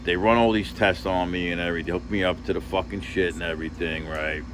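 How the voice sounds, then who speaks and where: A man's voice: deep voice, steady tone, quick pace, fairly bright tone, a little hiss or hum. A man telling a personal story in a casual, rambling, emotional way, swearing heavily and leaning on fillers.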